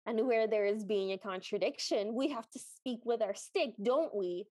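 A woman voicing a gruff male troll who speaks in stilted, broken grammar. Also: on the high side, moderate pace, darkish tone, no echo, clean studio sound, close to an everyday voice. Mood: pompous.

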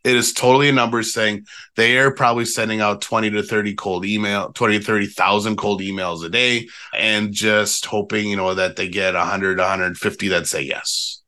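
A man guest on a podcast interview, chatty and animated, using casual fillers as he explains email marketing. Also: fairly low pitch, normal speed, few pauses.

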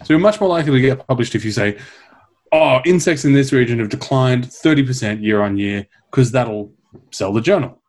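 A man telling a comic science story on a podcast, wry and animated, swearing for laughs. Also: medium pitch, brisk. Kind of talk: casual comedic science chat.

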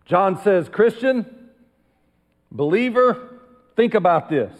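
A male pastor preaching a sermon emphatically, dropping into quiet asides. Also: high-pitched, expressive, slow, in a large hall, muffled recording. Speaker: senior pastor. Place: church sanctuary.

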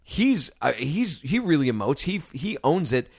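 Profane, animated man in casual chat. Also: fairly high pitch, moderate pace, vocal fry, dry recording, studio quality. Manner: profane, animated, mimics singing and characters. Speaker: podcast co-host. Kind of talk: casual movie review chat.

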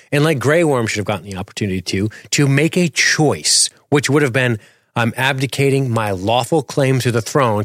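A man's voice: mid-range voice, no room sound, clean studio sound. A man co-hosting a casual TV recap show, opinionated and profane, reading chat comments aloud. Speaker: podcast co-host.

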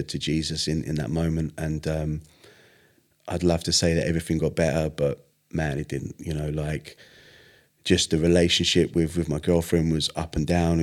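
A young man, a podcast guest, earnestly retelling a personal story in casual interview talk with lively acted-out quotes. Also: extremely low pitch.

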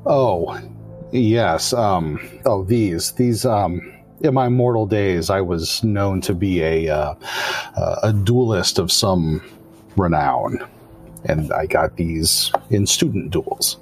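A man voicing a gracious, aristocratic old male vampire elder with a formal, halting manner. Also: low voice, soft background music. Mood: courtly.

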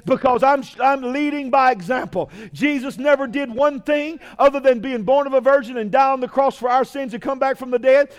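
A man preaching a fiery sermon, shouting and drawing out key phrases and calling out to the congregation. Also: very high-pitched, lo-fi sound. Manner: shouting, drawn-out emphatic preaching with call-outs to the congregation.

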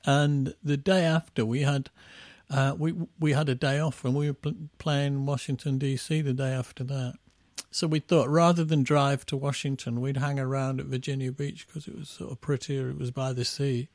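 Middle-aged English musician, gravelly, dry close sound, rambling raconteur. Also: male voice, medium pitch, level tone, moderate pace, hardly any pauses, a little mellow, dry recording. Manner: rambling storyteller with restarts, laughing at his own stories. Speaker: band musician guest. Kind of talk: casual anecdotal chat.

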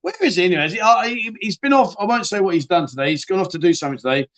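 A man's voice: high-pitched, lively intonation, racing, a bit bright. A man hosting a live chat show, rambling and joking as he reads out viewer comments and calls people mate.

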